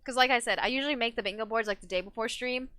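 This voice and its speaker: A woman's voice: a little high, very fast, pushed and bright, smooth. A woman live-streaming a video game, chatting casually, reading chat aloud and giggling often.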